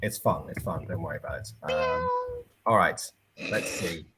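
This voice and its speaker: A man's voice: sits low, wildly swooping pitch, normal speed, noisy background. A man hosting a live online review chat on a computer mic, chatty and self-deprecating, thinking aloud as he sets things up. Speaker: livestream host. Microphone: computer mic on a voice call.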